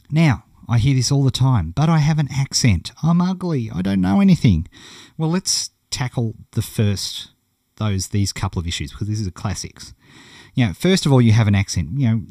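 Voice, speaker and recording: A man's voice: medium pitch, mellow, no room sound, studio quality. A middle-aged man with a broad Australian accent, teaching an online course in a blunt, chatty, encouraging way. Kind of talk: casual video lesson.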